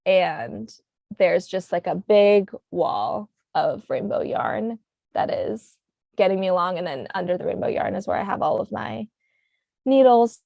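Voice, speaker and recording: A young woman with a New England accent chats her way through a knitting livestream, rambling easily and filling the pauses with ums. Her voice sits low for a woman and carries a gravelly fry. The sound is dry and close, with no room in it. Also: a little mellow, no room sound, highs cut off. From United States. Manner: chatty, rambling, frequent ums. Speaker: livestream host. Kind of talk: casual chat while knitting.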